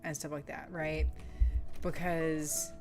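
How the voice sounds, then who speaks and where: Slow-talking woman streamer. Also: deep voice, little pitch movement, music in the background. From southern United States. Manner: chatty, rambling storyteller with frequent fillers. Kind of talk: casual chat while gaming.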